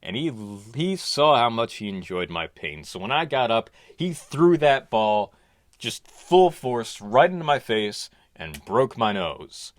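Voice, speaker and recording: A man telling an absurd crude story in a deadpan, rambling comic style. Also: medium pitch, measured pace, no room sound. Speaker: comedian.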